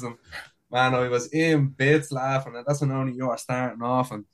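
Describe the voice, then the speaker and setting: A man's voice: mid-range voice, steady tone, moderate pace, poor audio. Man, podcast guest, earnest, motivational, casual. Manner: earnest, motivational, full of fillers like "like".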